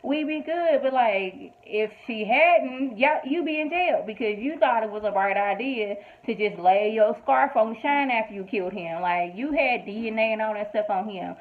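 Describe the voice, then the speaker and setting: A woman with a somewhat high voice recaps a TV episode at normal speed, barely pausing. As a show reviewer, she tells it animatedly and emphatically with quoted asides, and the recording has a tinny, phone-like quality.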